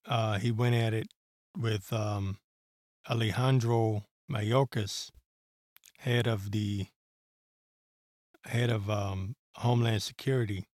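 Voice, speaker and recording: Slow, rambling man ranting. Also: fairly low pitch, steady tone, a little mellow, dry recording, studio quality. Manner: rambling, heated, profane, with many fillers. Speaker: podcast host. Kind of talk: solo political commentary.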